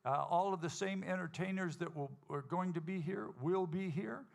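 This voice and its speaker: A man hosting a live country music show, telling a folksy, animated story to the audience and acting out the quotes. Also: high voice, normal speed, creaky. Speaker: stage host and singer at a country music show. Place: live music venue stage.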